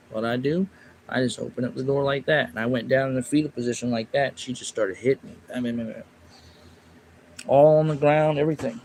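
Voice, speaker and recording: A medium-pitched man, with a little hiss or hum on his phone or desk mic, livestreams a long personal story told casually and ramblingly. His narration is quiet, but he gets louder and sharper whenever he snaps back at chat.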